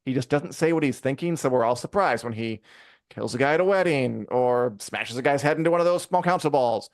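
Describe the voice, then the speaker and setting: A man co-hosting a live review show in casual chat, rambling and animated, with many fillers and acted-out quotes. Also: mid-range voice, a little fast, dry recording, studio quality. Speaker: podcast co-host reviewing a TV episode.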